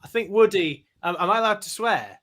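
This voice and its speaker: A man who is a guest voice actor, chatting excitably and with self-deprecating humor on a podcast. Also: high-pitched, a little fast. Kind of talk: casual podcast chat.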